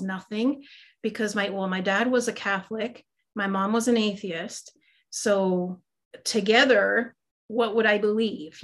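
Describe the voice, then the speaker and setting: Chatty middle-aged woman telling her story. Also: medium pitch. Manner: chatty and self-deprecating, many fillers. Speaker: guest, psychic medium and Reiki master. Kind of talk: casual interview storytelling.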